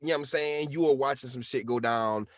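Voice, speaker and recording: A man co-hosting a podcast in casual chat, talking in an animated, slangy way and acting out quotes. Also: medium pitch, quick pace, dry recording. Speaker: podcast co-host.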